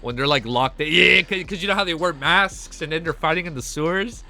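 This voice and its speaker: Hyped streamer guy, bright tone, faint music playing behind. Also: fairly high pitch, brisk, creaky. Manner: excitable, hyped, casual slang and swearing. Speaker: streamer reacting to a web novel. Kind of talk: live reaction stream.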